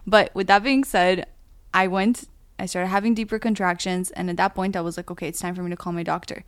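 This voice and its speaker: A woman's voice: fairly low pitch, fairly even intonation, brisk, clear, resonant tone, no room sound. A young woman vlogger and new mother, telling a story in casual chat, laughing often. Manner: chatty, laughs often, many "like"s.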